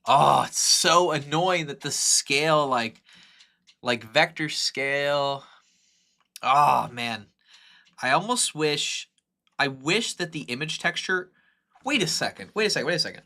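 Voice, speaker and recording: A young man thinks out loud through a live-stream tutorial, his voice bright and forceful. He rambles and corrects himself constantly, full of fillers, and gets excited as he works. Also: a little high, a little slow. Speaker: streamer teaching 3D modeling.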